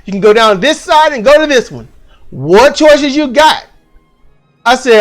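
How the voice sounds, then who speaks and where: A man casually recounting a dream, profane and animated, acting out the people in it. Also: very high-pitched, unhurried, pauses often, soft background music. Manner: profane, animated, acts out voices. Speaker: channel host. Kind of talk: casual storytelling.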